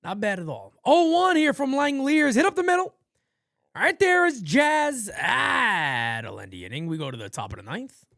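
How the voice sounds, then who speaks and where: Lively, swearing fan play-by-play man. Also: normal speed, creaky, dry recording, studio quality. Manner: rambling, swearing, easygoing banter between pitches. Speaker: play-by-play host of a fan channel. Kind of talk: casual live play-by-play with chat.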